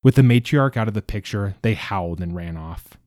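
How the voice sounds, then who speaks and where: A male narrator reads a fantasy tale with measured, dramatic pacing. His voice is low and mellow, captured on a close, dry studio mic. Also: animated, no echo. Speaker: audiobook narrator.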